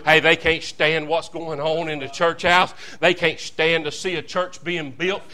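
Fervent preacher man, bright voice. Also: on the high side, level tone, measured pace. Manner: fervent, folksy, calls to the congregation. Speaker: visiting preacher. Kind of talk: revival sermon.

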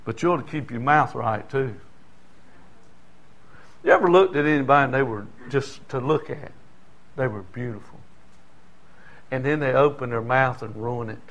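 A man's voice: mid-range voice, moderate pace, pauses often, a bit bright. An older man preaching a sermon in a folksy, conversational way, often asking the congregation "Amen?". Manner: folksy, conversational preaching with call-and-response asides.

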